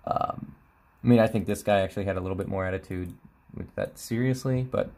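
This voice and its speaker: A man co-hosting a stream, commenting casually and reading forum posts aloud with quick asides. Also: deep voice. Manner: animated, quick, reads quotes in asides. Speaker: streamer co-host.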